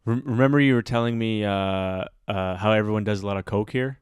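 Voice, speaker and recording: A man hosting a podcast, telling a bar story in a rambling, animated way with lots of fillers. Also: fairly low pitch, brisk, clean tone, no echo, clean studio sound. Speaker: podcast host. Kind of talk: casual storytelling chat.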